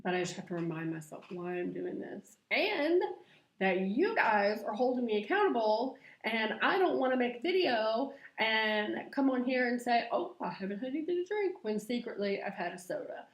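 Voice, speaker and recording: In an echoey room at home, a middle-aged woman with a slightly high, expressive voice talks at normal speed. She's a vlogger chatting confessionally to camera and laughing often.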